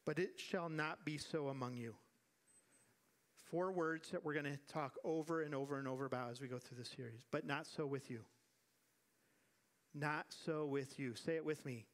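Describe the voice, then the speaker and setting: Animated male pastor preaching a sermon. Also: a little high, a little fast. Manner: animated preaching with acted-out quotes and repeated refrains. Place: church sanctuary.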